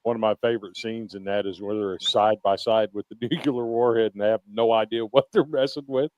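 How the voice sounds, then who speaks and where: A man's voice: fairly low pitch, steady tone, fairly quick, darkish tone. A man in casual podcast chat who recalls a favorite scene in a laid-back way, swearing and laughing. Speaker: podcast co-host.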